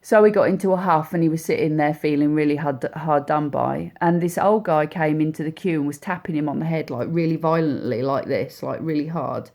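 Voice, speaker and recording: A woman speaking as a mother, telling a personal story in a heartfelt, halting way with many repeats and restarts. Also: low voice, darkish tone. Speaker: mother speaking about her son.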